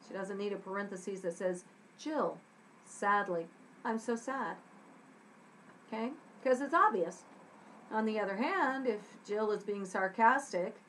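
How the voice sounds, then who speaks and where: A woman's voice: mid-range voice, a little hiss or hum, poor audio. A woman teaching a scriptwriting lesson to young students. She acts out short example lines in different voices and checks in often with "okay?".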